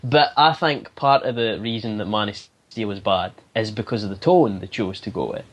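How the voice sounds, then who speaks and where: A man's voice: fairly low pitch, normal speed, slightly rough. A man appearing as a podcast guest, chatting casually and giving opinions with some hesitation. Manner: opinionated, thinking aloud, with hesitations. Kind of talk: casual chat.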